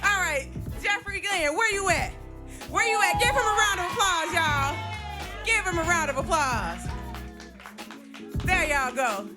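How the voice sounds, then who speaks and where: A woman hosting a live show shouts to hype the crowd, her voice sitting very high. Clear music plays behind her on the stage mic. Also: animated, a little slow, long pauses. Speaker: show host introducing acts.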